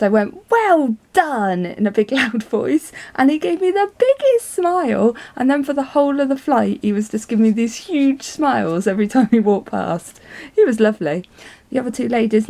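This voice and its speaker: A woman's voice: on the high side, gravelly, warm tone. A woman, telling a rambling, chatty story in a casual vlog. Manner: chatty and rambling, many ums. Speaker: vlogger.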